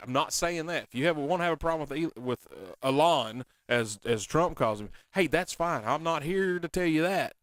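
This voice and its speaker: A man's voice: on the high side, expressive, normal speed, hardly any pauses, dry recording. A man hosting a casual radio show, talking bluntly in a folksy, ranting way.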